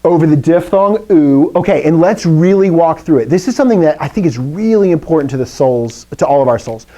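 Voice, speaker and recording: A man's voice: on the high side, animated, fairly quick, mellow. A middle-aged man teaching a classroom language lesson, explaining rules step by step with jokey asides. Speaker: Greek teacher. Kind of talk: classroom lecture.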